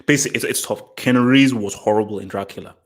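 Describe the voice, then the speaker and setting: A man's voice: lowish voice, fast. A man hosting a casual question-and-answer talk to camera, blunt and emphatic, repeating himself with many fillers. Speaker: host answering viewer questions.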